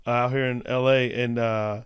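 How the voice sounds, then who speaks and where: A man's voice: medium pitch, little pitch movement, moderate pace, clean tone. A man, a comedian guest on a podcast, telling casual stories with lots of restarts and fillers. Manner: rambling with restarts and laughter.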